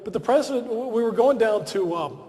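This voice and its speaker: A man's voice: extremely high pitch, fairly quick. A man giving a humorous, self-deprecating after-dinner speech at a podium in a large banquet hall. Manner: self-deprecating, lively storytelling.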